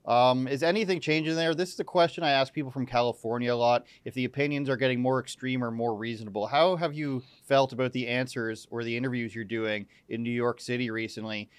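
A man hosting a casual talk show, asking questions with quick joking asides. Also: medium pitch, fairly even intonation, smooth, no room sound. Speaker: podcast host.

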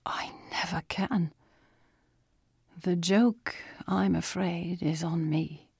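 A woman voicing a weary, remorseful man under a curse, speaking in a quiet, resigned whisper. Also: fairly high pitch, steady tone, takes it slowly, creaky, slightly rough, no room sound, clean studio sound, heavily acted.

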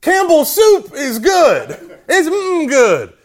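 Whiny nasal young man , a man's put-on voice, high and drawn out. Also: huge pitch swings, slow pace, heavily acted. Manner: loud, sing-song, drawn out.

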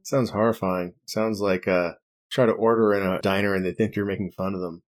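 Lowish-voiced male podcast host. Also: fairly even intonation, a little fast. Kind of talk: casual chat.

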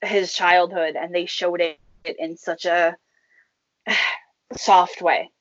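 A young woman chatting casually about a movie in a thoughtful, measured way. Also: fairly low pitch, little pitch movement, dry recording. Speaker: co-host discussing a movie. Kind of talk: casual chat. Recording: dry, dull lo-fi sound.

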